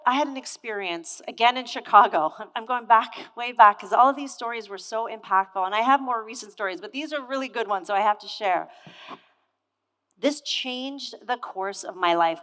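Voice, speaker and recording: On a conference stage, a thirtysomething woman gives an energetic motivational keynote, telling a story and asking the audience questions directly. Her highish voice has a fairly bright tone, and the recording carries the long reverb of an echoey hall.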